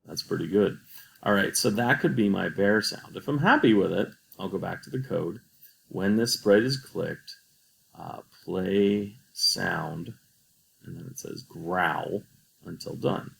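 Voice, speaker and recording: A man's voice: sits low, a little slow, creaky, poor audio. A man teaching a coding tutorial over a screen recording, patient and explaining each step.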